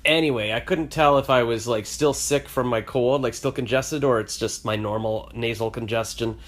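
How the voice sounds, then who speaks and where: A vlogger with a mid-range voice speaks at normal speed to his phone camera, stuffy and nasal from a cold. He casually tells a rambling, self-mocking story, acting out the other people's lines.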